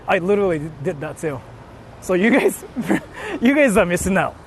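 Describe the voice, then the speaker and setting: A man's voice: high voice, big pitch swings, moderate pace, slight background noise. A man talking, speaking emphatically and packing his speech with "like" while he walks through a convenience store. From Japan. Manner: emphatic, repeats "see?" and "like" often, swears. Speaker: vlogger. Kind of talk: casual vlog talk to viewers.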